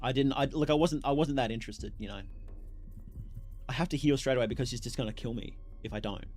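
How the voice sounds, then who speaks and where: A man streaming a video game, chatting casually with his chat, reacting loudly with exclamations and laughs. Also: medium pitch, fast, soft background music. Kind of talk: casual live game commentary.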